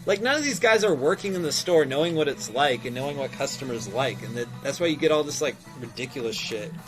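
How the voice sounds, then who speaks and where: Rambling, animated shop owner on stream. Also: male voice, mid-range voice, fast, music in the background. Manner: rambling and animated, heavy fillers, swears freely. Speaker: game and toy shop owner streaming live. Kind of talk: casual livestream chat, reading viewer comments.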